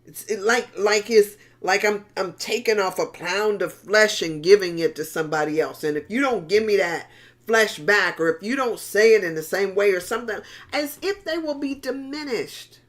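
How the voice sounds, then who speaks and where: Her sermon sounds like conversation: a middle-aged woman pastor speaks right to the congregation, often going back over and restarting her words. The pitch is medium and the pace moderate.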